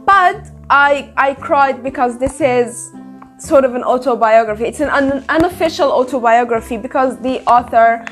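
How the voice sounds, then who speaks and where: A woman hosting a casual book review vlog, talking in an emphatic, animated way and swearing freely. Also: sits high, moderate pace, soft background music. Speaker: book reviewer, channel host.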